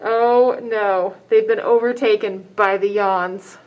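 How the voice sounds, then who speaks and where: A woman librarian reading a picture book aloud to children, dramatic in the exciting parts and stopping to ask the listeners questions. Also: mid-range voice, takes it slowly, highs cut off. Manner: expressive, dramatic exclamations, asks children questions.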